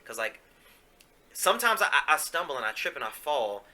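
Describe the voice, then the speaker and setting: Bright-voiced man telling a raw story. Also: a little high, sing-song, a little fast. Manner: casual, profane, confessional, many fillers. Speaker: podcast host. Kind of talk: candid personal storytelling.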